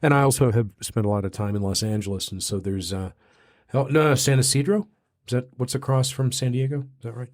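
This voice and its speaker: A man's voice: mid-range voice, brisk. A man from Texas hosting a recovery podcast interview, telling a long folksy story with many restarts and self-deprecating asides. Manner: rambling storyteller, animated voices in quotes, self-deprecating. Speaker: podcast host. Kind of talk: casual interview. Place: small studio.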